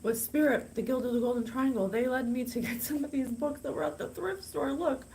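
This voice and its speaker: Bubbly chatty woman, bright high voice. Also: brisk, slight background noise, low-quality recording. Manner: chatty, bubbly, gushing and excitable. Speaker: psychic podcast host. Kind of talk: casual direct-to-camera talk.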